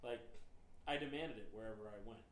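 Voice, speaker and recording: A man who works as a chef, telling a long story in casual chat with a rambling, profane and animated way of talking. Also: medium pitch, a little fast. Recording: echoey room with faint noise.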